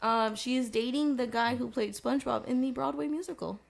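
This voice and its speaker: A woman co-hosting a casual podcast chat, animated and excitable as she shares news. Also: a little high, brisk, creaky. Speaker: podcast co-host.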